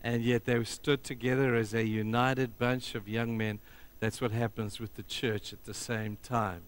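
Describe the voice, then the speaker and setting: A middle-aged man preaching a sermon as pastor, telling stories emphatically and swinging between loud passages and hushed ones. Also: mid-range voice, little pitch movement, measured pace, smooth.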